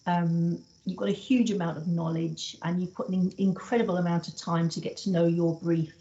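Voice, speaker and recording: A woman councillor speaks earnestly in an online meeting. Her tone is mellow, and the video call audio sounds dull. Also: on the low side, little pitch movement, brisk. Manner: warm, earnest praise.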